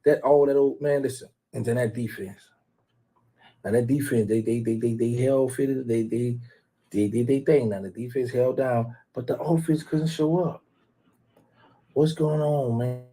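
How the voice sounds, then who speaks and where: A man's voice: mid-range voice, fairly even intonation, measured pace. A man hosting a casual live stream, rambling and teasing rival fans, calling out viewers by name. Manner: teasing, rambling, trash-talking, shouts out viewers.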